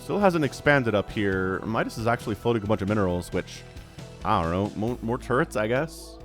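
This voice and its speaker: Male solo esports caster, chatty and rambling, lively voice with faint music underneath. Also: fairly low pitch, brisk. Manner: chatty, rambling asides, easily excited. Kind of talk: solo game commentary.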